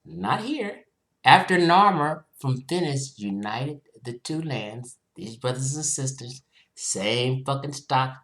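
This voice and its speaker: A woman hosting her channel, commenting on clips she plays in an animated, combative way. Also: rumbling low, slow pace. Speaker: channel host. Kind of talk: commentary over played clips.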